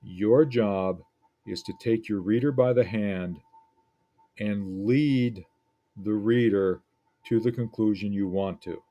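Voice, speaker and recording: A man teaching a lesson, picking apart an essay in a deliberate, reflective way with frequent pauses. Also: lowish voice, mellow, highs cut off.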